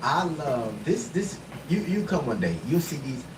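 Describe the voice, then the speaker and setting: A man's voice: fairly high pitch, very animated, a little slow. A man being interviewed as a comedian, talking in a rambling, heartfelt way. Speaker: comedian guest. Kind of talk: interview talk. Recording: distant, echoey room with background noise.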